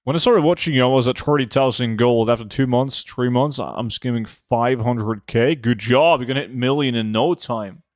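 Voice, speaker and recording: A man's voice: medium pitch, normal speed, hardly any pauses, a little mellow, no room sound, studio quality. A man, a game streamer chatting casually and reading his chat aloud in a laid-back way full of fillers. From Norway.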